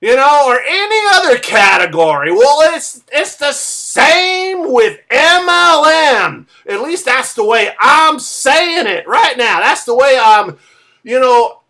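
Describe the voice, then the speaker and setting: A woman rants to her viewers in a high, bright voice, taking her time and leaning hard on key words. She gropes for phrasing, then pushes her voice up into loud, emphatic declarations. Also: big pitch swings, slow. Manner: emphatic, searching, bursts into raised voice. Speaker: vlogger and MLM member. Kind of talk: impassioned rant to camera.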